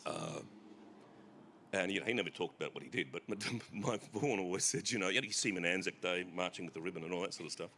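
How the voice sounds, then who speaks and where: A middle-aged Australian man telling family stories as an author guest on a festival stage, animated and laughing. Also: low voice, fast talker, a little hiss or hum. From South East Queensland, Australia. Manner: animated, bursts into shouted impressions and laughter.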